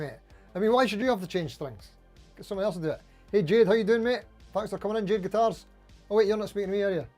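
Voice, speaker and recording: A man's voice: sits high, darkish tone. Chatty man hosting a livestream. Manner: chatty, friendly, greets viewers by name, frequent "mate" and "anywho". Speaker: livestream host. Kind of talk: casual livestream chat reading comments.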